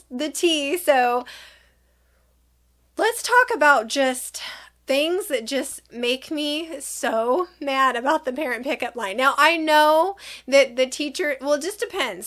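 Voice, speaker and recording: A young woman vlogger chatting casually to camera, animated, dramatic asides. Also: high voice.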